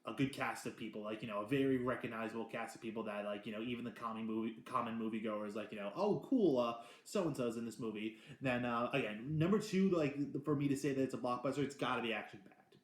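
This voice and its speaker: A man hosting a casual movie review, talking in an excitable, rambling way with many restarts and the odd swear word. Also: mid-range voice, quick pace, hardly any pauses. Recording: roomy echo.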